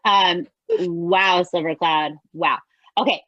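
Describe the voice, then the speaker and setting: A woman podcast co-host in casual chat, unhurried and enthusiastic in her reactions. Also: fairly low pitch, steady tone, a bit bright, no room sound, highs cut off.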